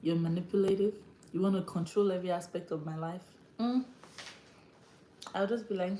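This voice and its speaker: A woman's voice: mid-range voice, dark tone, echoey room, slight background noise. Laughing woman with an African accent. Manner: laughs often and acts out quoted voices. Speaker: livestream host. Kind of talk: casual livestream chat.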